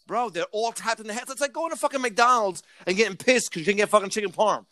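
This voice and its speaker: A man's voice: high voice, quick pace, bright, forceful tone, no room sound. A man in casual chat, ranting with lots of swearing and stammered restarts.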